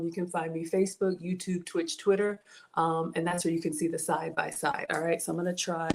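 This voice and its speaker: Here a middle-aged woman chats through a casual live cooking stream at home, playfully welcoming viewers by name. Her low-leaning voice has vocal fry and a flat delivery, and she moves along fairly quickly.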